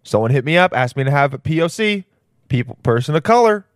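A man's voice: fairly high pitch, lively intonation, fast talker, clean tone, no echo, clean studio sound. Rambling, slangy male podcast host. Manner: rambling, slangy, hyped-up, lots of "dude". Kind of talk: casual solo podcast monologue.

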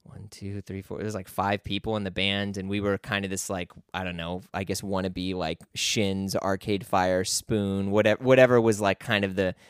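A man's voice: sits low, flat delivery, normal speed, hardly any pauses, clear, resonant tone, no room sound, studio quality. A young man talking casually as a podcast guest, telling a rambling story full of fillers and restarts.

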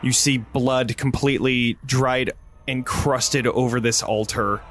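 A man running a tabletop role-playing game as game master, describing scenes in a measured way. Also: medium pitch, fairly even intonation, a bit bright, slight background noise.

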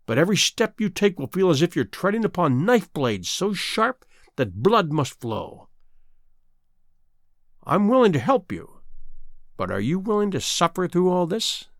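A man's voice: high-pitched, very animated, measured pace, pauses often, no echo, studio quality, heavily acted. A man voicing a cruel, mocking old female sea witch in a storybook reading, with a gloating, menacing delivery.

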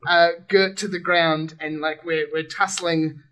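Slow, lively high-voiced man at the table. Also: recorded from a distance. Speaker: player. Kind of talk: casual tabletop role-play.

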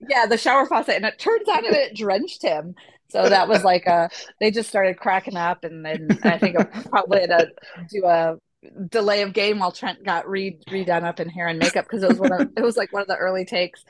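A woman's voice: medium pitch, fairly quick, no echo. A woman, an editor, recalling a set mishap in a casual interview and searching for her words.

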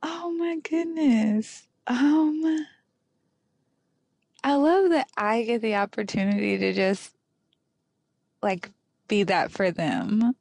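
A woman's voice: medium pitch, expressive, slow, creaky, long pauses, a little mellow, dry recording. A woman in her thirties, a podcast guest, chatting openly with frequent restarts and laughter. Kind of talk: casual chat.

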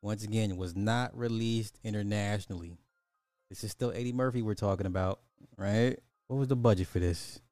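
A man's voice: fairly low pitch, normal speed, darkish tone, no echo, clean studio sound, soft background music. A man hosting a podcast, giving casual, sarcastic commentary and thinking aloud as he looks up numbers. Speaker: podcast host.

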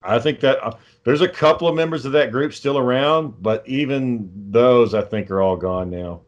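A man's voice: medium pitch, normal speed. Profane rambling man, muffled. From Texas. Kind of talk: casual chat. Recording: dull lo-fi sound.

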